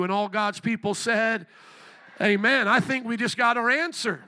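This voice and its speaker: A man's voice: very high voice, moderate pace, sharp tone. A man preaching a sermon at a church service, fervent and repetitive, with rhetorical questions. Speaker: pastor.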